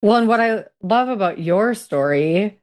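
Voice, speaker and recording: A woman hosting a podcast in casual conversation, animated and acting out little quotes. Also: medium pitch, unhurried. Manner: animated, acts out voices and quotes. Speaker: podcast host.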